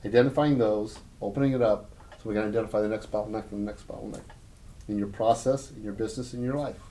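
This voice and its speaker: A man's voice: lowish voice, fairly even intonation, fast talker, mellow, a little hiss or hum. A man giving a live business workshop talk to a small audience in a room, speaking in short, punchy, conversational phrases and telling anecdotes.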